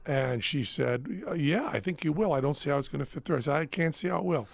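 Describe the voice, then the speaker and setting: A man's voice: on the high side, quick pace, vocal fry, dry recording. A man hosting a podcast, telling a rambling, self-mocking story in casual chat and laughing at himself. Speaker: podcast host. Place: studio.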